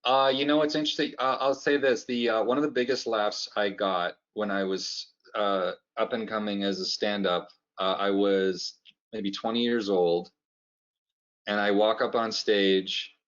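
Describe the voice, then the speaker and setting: A man's voice: on the low side, steady tone, measured pace, fairly bright tone, muffled recording. A Canadian man with a Canadian accent, a comedian guest chatting playfully and rambling through jokes on a video call. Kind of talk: casual interview chat.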